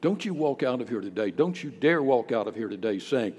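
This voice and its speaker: A man preaching a sermon in a church, swinging from hushed, low passages to loud, emphatic outbursts. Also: animated, brisk, slightly rough. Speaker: pastor. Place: church sanctuary. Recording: long reverb of a large hall.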